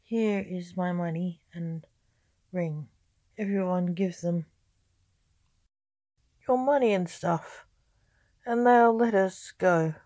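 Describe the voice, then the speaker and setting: A woman's voice: on the low side, slow, long pauses, mellow, dry recording. A woman voicing an irritable, jealous male poet who speaks sharply. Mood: urgent.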